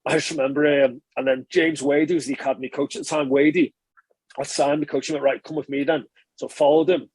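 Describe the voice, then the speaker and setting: Quick-talking husky man reminiscing. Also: on the high side, fairly even intonation, darkish tone, no echo. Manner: chatty, rambling recollection, frequent filler and self-correction. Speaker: former professional rugby player, podcast guest. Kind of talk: relaxed interview storytelling.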